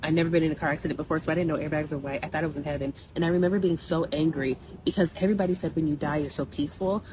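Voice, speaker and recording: Fast-talking low-voiced young woman. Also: background noise. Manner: blunt, animated, conversational with asides. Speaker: storyteller. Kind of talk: casual personal storytelling.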